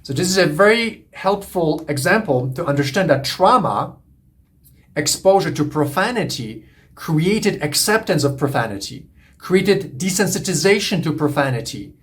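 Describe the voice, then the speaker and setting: A man's voice: fairly high pitch, expressive, normal speed. A man coaching on relationships, lecturing in an earnest, repetitive, emphatic way. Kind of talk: monologue lecture to camera.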